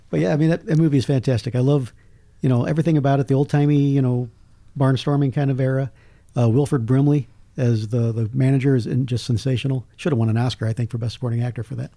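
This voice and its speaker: A man's voice: medium pitch, fast talker, no echo. A man, a film critic telling jokey stories in casual chat. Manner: storytelling, jokey, lively asides. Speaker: podcast guest, film critic.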